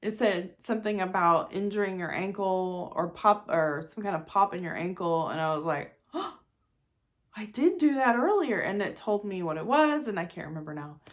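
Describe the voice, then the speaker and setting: A woman's voice: on the low side, fairly quick, hardly any pauses. A woman, venting candidly in a rambling, personal vlog, often breaking into laughs and sighs. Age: 40s. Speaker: vlogger. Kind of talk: casual personal vent.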